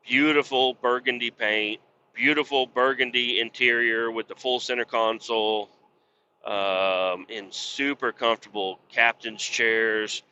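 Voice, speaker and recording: Profane rambling man, bright voice. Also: mid-range voice, steady tone, unhurried, lo-fi sound, a little hiss or hum. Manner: profane, rambling, gets worked up reenacting arguments. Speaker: podcast host. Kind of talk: casual storytelling.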